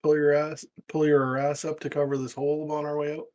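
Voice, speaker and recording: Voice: medium pitch, little pitch movement, a little fast, a little mellow. A tabletop player chatting in a jokey, casual way. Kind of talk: casual chat.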